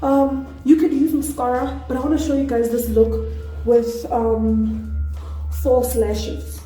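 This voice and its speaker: A South African woman doing a put-on Nigerian accent, chatting excitedly and laughing at herself through a makeup tutorial. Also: on the high side, takes it slowly. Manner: chatty, excitable, self-deprecating. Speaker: beauty vlogger. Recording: echoey room with faint music.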